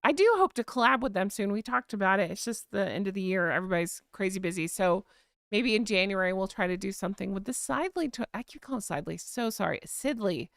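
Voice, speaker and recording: A woman's voice: mid-range voice, fast, creaky, fairly bright tone, no echo, studio quality. Gushing Southern woman hosting a live stream. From Florida. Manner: gushing, emotional thanks; chatty, self-correcting. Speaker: livestream host.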